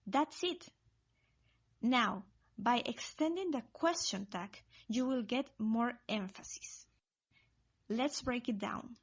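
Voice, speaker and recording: A woman narrating a scripted Spanish lesson, reading example sentences slowly and carefully. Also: on the high side, slightly rough. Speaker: Spanish teacher.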